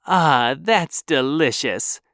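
A storybook reader voicing a gentle, polite little old lady with white hair and a cane, speaking softly and apologetically. It is recorded close and dry. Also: mid-range voice, animated, slow, no echo. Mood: sweet. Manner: soft, apologetic and sweet.

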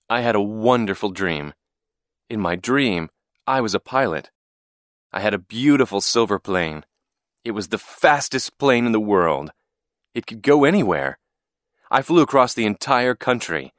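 A man narrating a first-person storybook in a clear, expressive reading. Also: mid-range voice, normal speed, dry recording, clean studio sound.

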